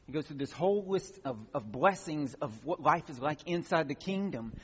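Man, pastor preaching, earnest, husky voice, dull lo-fi recording. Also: a little high, lively intonation, moderate pace, a bit bright. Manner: earnest, with many fillers and restarts, rising emphatic passages. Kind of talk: sermon. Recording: long church reverb, dull lo-fi sound.

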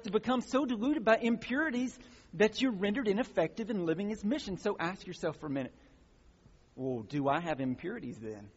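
A man with a fairly high, husky voice preaches a teaching sermon. He explains the passage plainly, then pushes into emphatic calls to action. The sound is muffled and rings with the long reverb of a large hall. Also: expressive, a little fast. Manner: teaching, builds to emphatic exhortations. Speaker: pastor.

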